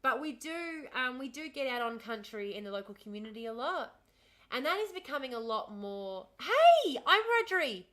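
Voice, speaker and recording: On her livestream, a thirty-something Australian-accented host chats loosely with viewers, answering their messages and laughing frequently as she rambles. Her slightly high voice sounds pushed and bright at a moderate pace.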